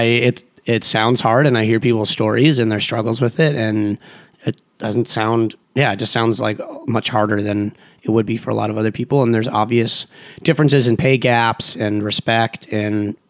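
A man's voice: medium pitch, steady tone, normal speed. A man in a casual group book discussion, talking in a sarcastic, joking way and laughing often.

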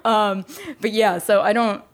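Giggly, animated young woman. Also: mid-range voice, unhurried. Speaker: podcast co-host. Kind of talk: casual chat.

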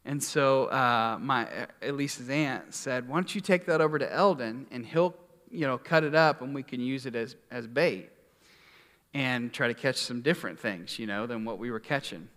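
A man's voice: mid-range voice, moderate pace, fairly bright tone, in a large hall. A male pastor telling a long personal story in a casual, rambling sermon, full of fillers and restarts.

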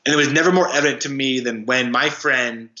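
A young man, a guest in an interview, telling a story in a halting way with many fillers and restarts. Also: medium pitch, sharp tone, slight background noise. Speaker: guest, anti-trafficking worker. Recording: roomy, dull lo-fi sound.

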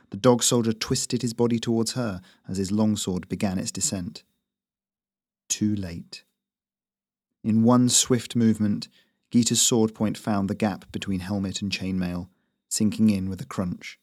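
A man with a low voice reads his own fantasy fiction aloud. His delivery is steady and measured, and the recording is dry and close. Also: no echo. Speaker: author and narrator.

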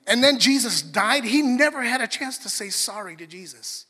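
Male pastor, sermon, bright, forceful tone, conversational and earnest, reverberant hall. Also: extremely high pitch, expressive, normal speed, husky. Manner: conversational, earnest, with restarts and asides to the congregation.

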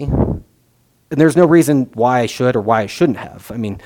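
A man's voice: medium pitch, brisk, a little mellow. A young man giving a conversational sermon as a pastor, musing aloud with many fillers and restarts.

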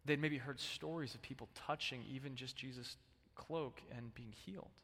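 Bright, animated preacher in a reverberant hall. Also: male voice, medium pitch, moderate pace. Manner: conversational, animated, prompts congregation to respond. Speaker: pastor. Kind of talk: sermon. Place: church sanctuary.

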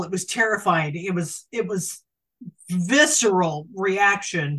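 A woman co-hosting a casual podcast chat, reacting in an animated, emphatic way. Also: on the low side, slow, far from the mic. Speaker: podcast co-host.

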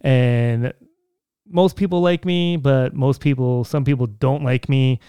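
A young man musing aloud on his podcast in a loose, meandering way, full of "uh" and restarts. His voice is smooth and resonant, and it sits dry and close to the mic. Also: medium pitch, fairly even intonation, slow, dark tone, no echo. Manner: rambling, conversational, many fillers and restarts. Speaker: podcast host. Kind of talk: casual solo podcast monologue.

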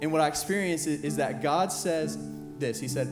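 A young man, a high school pastor, preaching an earnest sermon that repeats phrases and builds in intensity. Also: normal speed, few pauses. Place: church sanctuary with band playing behind. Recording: roomy church hall with live music.

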